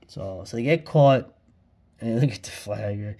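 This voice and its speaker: Excitable slangy man reviewing comics. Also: lowish voice, measured pace. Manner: excitable, slangy, laughs often. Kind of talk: casual comic book review vlog.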